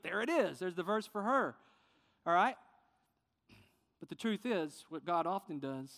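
A man preaching a sermon as pastor, earnest and sometimes softening with emotion. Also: high-pitched, lively intonation, measured pace, pauses often, long reverb tail. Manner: earnest preaching, quieter and tender when emotional.

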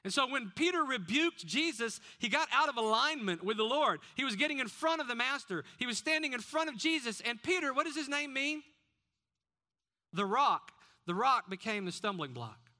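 A man's voice: very high voice, expressive, normal speed, pushed and bright. A man preaching a sermon as pastor, often putting questions to the congregation.

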